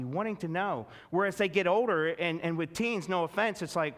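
A man's voice: sits high, normal speed, fairly bright tone, long reverb tail. A man preaching a sermon, reading scripture aloud and then explaining it with rising emphasis. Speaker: pastor.

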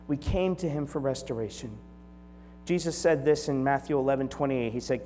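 A man in his forties preaching a conversational sermon. He shifts from lively storytelling to soft, hushed prayerful tones. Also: mid-range voice, a little fast. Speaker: pastor. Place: church sanctuary. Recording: long hall reverb with faint mains hum.

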